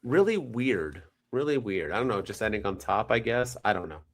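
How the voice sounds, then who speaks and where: Animated rambling podcast co-host, man. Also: fairly low pitch, moderate pace. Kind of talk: casual chat.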